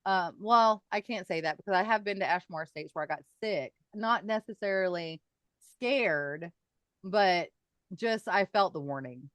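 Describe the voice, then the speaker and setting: A middle-aged woman, a guest on a podcast, telling her own paranormal stories in a lively, chatty way and laughing often. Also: fairly low pitch, moderate pace, no room sound. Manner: animated storyteller, laughs often. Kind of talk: casual podcast storytelling.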